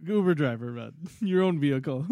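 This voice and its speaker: A man's voice: a little high, lively intonation, a little fast, mellow, no echo. A man co-hosting a podcast, teasing and bantering with the others. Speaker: podcast co-host. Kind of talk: casual chat.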